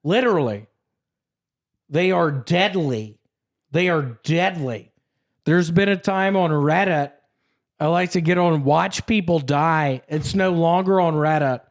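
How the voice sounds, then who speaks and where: A man's voice: on the high side, a little slow. A young man, a podcast co-host, telling a rambling story in casual chat and swearing freely.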